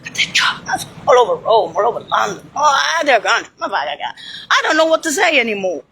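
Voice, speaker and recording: A woman's voice: a little high, very animated, brisk, vocal fry, sharp tone, breathy edge. A woman in a heated, rambling monologue, swearing and dropping Italian phrases as she talks.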